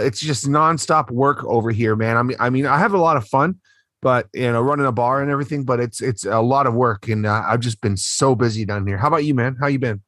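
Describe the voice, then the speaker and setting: A man's voice: medium pitch, fairly bright tone, no echo, studio quality. A man co-hosting a podcast, chatting in an upbeat way and swearing casually. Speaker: podcast co-host, bar owner.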